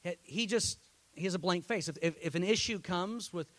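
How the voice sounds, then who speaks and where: Male pastor, high-pitched, impassioned sermon delivery that rises to loud peaks; dry, close recording. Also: normal speed, no echo.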